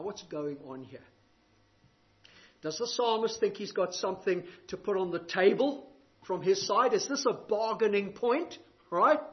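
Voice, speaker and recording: A male preacher with a high-pitched voice delivers a sermon. He poses rhetorical questions and presses on words for emphasis. The recording is dull and lo-fi.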